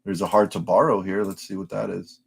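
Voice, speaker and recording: A man with a fairly low voice chats loosely on a live stream. He curses freely and rambles, often breaking off and restarting his sentences. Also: level tone, fairly quick, creaky, husky. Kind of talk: casual live-stream chat.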